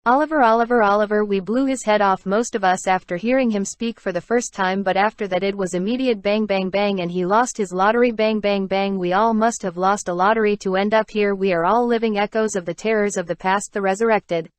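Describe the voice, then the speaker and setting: A woman's voice: medium pitch, fairly even intonation, a little fast, hardly any pauses, no room sound. A woman reciting a surreal spoken-word piece in a chanting, repetitive, dramatic way.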